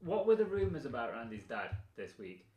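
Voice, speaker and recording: A man co-hosting a casual podcast chat, animated and prone to restarting his sentences. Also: mid-range voice, brisk. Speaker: podcast co-host. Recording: roomy echo.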